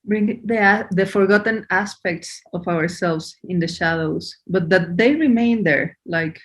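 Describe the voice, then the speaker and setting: A woman hosting a podcast, speaking softly and reflectively. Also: lowish voice, unhurried. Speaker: host. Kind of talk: podcast conversation.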